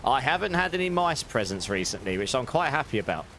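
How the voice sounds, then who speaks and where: A man's voice: mid-range voice, very animated, quick pace, slight background noise. Chatty man streaming a game. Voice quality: chatty, friendly, thanks viewers warmly. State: slightly sore voice. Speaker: livestreamer playing a game. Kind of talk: casual gameplay chat with viewers.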